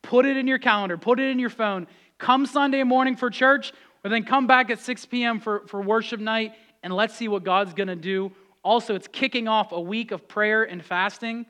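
A man's voice: high voice, fairly even intonation, moderate pace, bright, forceful tone. A middle-aged man preaching a sermon as pastor, exhorting and repeating key phrases with conversational asides to the congregation.

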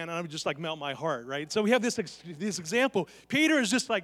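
A high-pitched male pastor delivers an earnest sermon and keeps turning to the congregation with direct questions. His voice rings out through the long echo of a church hall. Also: animated, fast talker, a bit bright. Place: church sanctuary.

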